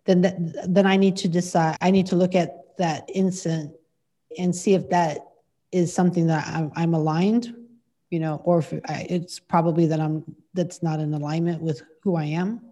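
A woman with a lowish, warm, mellow voice hosting a podcast interview. She works through her questions aloud, stopping and restarting as she goes, and keeps an easy conversational tone. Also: fairly even intonation, normal speed. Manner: thinks aloud, restarting questions mid-sentence.

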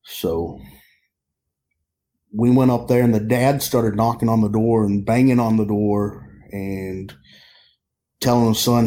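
A sheriff's deputy recounts a call in an interview. His voice is mellow and relaxed, and he talks haltingly, repeating and restarting his words. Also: fairly low pitch. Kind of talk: interview storytelling.

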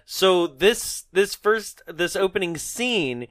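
A man co-hosting a casual movie discussion, animated and laughing often as he recounts scenes. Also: high-pitched, slow pace, dry recording. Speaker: podcast co-host.

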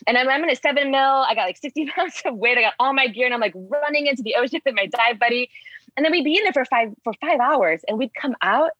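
A woman's voice: high voice, quick pace, no echo, highs cut off. Chatty woman telling stories, lots of fillers. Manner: rambling, filler-heavy, animated. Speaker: spearfishing guest. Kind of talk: casual storytelling chat.

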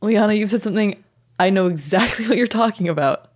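A woman co-hosting a podcast, recapping fast in casual chat and giggling. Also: medium pitch. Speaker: podcast co-host.

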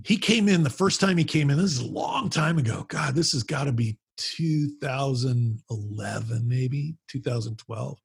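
Man, very husky voice, dry close sound, animated rambling storyteller, podcast guest. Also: medium pitch, moderate pace, few pauses, dry recording. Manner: animated, rambling anecdotes with frequent restarts and mild swearing. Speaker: podcast guest, founder of a business mastermind group. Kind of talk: casual storytelling conversation.

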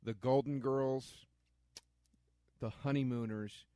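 A man's voice: mid-range voice, fairly even intonation, slow, mellow, no room sound, studio quality. A man co-hosting a casual film commentary podcast, enthusiastic, playful and emphatic. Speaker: podcast co-host.

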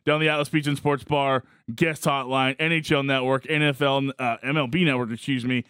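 A man's voice: medium pitch, fairly even intonation, brisk, a bit bright, smooth, dry recording. A man hosting a sports radio show in a studio, bantering casually and joking with his guests.

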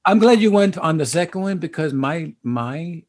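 A man's voice: a little high, expressive, normal speed, darkish tone. A man in casual chat, reacting briefly and laughing easily.

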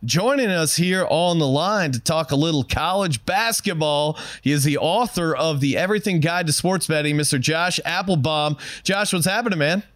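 A man hosting a sports betting show in casual, relaxed banter. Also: on the high side, normal speed, few pauses, dry recording, studio quality. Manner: laughs often, relaxed banter.

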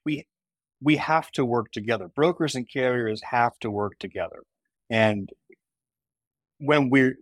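A man's voice: mid-range voice, dry recording. A man with a mid-range voice is a podcast guest who explains his work earnestly. He agrees, then builds on the point, and the sound is dry and close. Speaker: guest, company co-founder. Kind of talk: casual podcast conversation.

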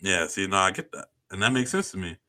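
Man, podcast co-host, loose slangy swearing chat, bright forward tone. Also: low-pitched, sing-song. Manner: laid-back, profane, drawn-out slang. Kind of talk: casual chat.

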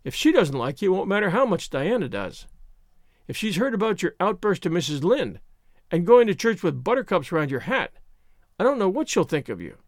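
A brisk, scolding older countrywoman from a storybook, stern but not cruel. A man voices her in his own lively, fairly high voice, recorded dry. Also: no echo. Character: stern, practical older farm woman. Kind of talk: audiobook character reading.

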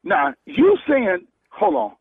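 A man on the phone reacting loudly and excitably, repeating himself as he talks over the caller. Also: very high voice, slow pace, vocal fry, dry recording. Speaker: prank call target. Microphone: telephone. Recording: tinny phone line.

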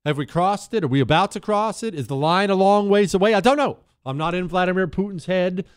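A man hosting a talk radio show, delivering an opinionated casual monologue that is sarcastic and animated, breaking into high silly voices. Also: brisk, clean tone, no echo, studio quality.

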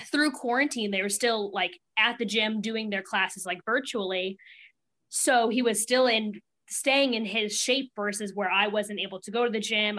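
Young woman, podcast guest, animated storyteller, laughs a lot, slightly high voice. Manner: animated storytelling, laughs often, acts out quotes. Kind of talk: casual chat.

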